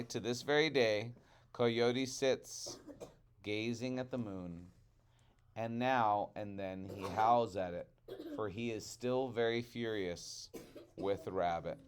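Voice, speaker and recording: A male teacher reading a storybook aloud to children, expressive and chatty, stopping for asides with the class. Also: fairly low pitch, slight background noise.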